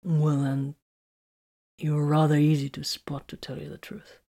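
A woman reading a storybook, voicing a sarcastic, wounded young male soldier who mumbles low. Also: completely flat delivery, a little slow, mellow. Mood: bitter.

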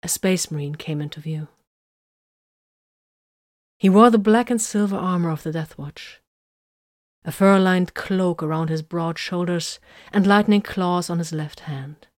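A woman narrating a story in an even, measured way. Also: lowish voice, dry recording, clean studio sound. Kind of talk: story reading.

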